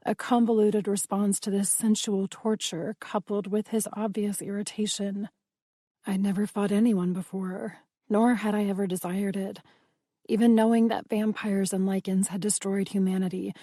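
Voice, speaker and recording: A woman narrating a first-person audiobook in a slow, intimate way. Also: medium pitch, mellow, no room sound, studio quality.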